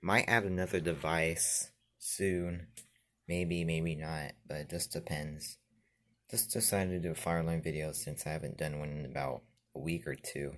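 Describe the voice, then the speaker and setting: A man's voice: a bass voice, fairly even intonation, a bit bright. A man casually walking through his fire alarm setup in his bedroom, explaining each device plainly and sometimes stumbling over his words. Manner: plain, unhurried explaining with restarts. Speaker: fire alarm hobbyist vlogger. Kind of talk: casual show-and-tell narration. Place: bedroom in an apartment.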